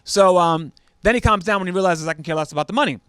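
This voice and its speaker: A man's voice: high voice, fast, clean tone, no room sound, studio quality. A man telling a story in a casual, slangy way, with lots of fillers, acting out other people's lines in a raised voice. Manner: animated, acts out the scammer's lines in a raised voice.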